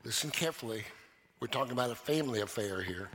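A man's voice: mid-range voice, animated, fast talker, fairly bright tone, husky. A man preaching a sermon as pastor, emphatic, calling on the congregation for a response.

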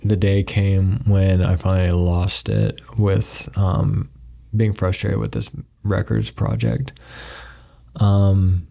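A man's voice: deep voice, little pitch movement, slow pace, creaky, darkish tone. A man, a podcast guest, telling a story in a casual, rambling way and acting out the quoted lines. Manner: rambling, acts out quoted dialogue.

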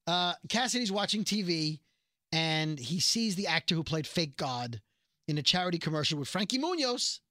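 Animated guy recapping a tv episode, bright voice, dry close mic. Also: a little high, normal speed, no room sound. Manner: animated, jumps into voices when quoting characters. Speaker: podcast co-host recapping a TV episode. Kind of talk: casual chat.

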